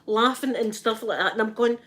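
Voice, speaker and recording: Slightly high-pitched and fairly quick, this Scottish ASMR streamer shares a story with her live chat in a relaxed way. She performs what people said, stays animated, and keeps ending lines with "right?"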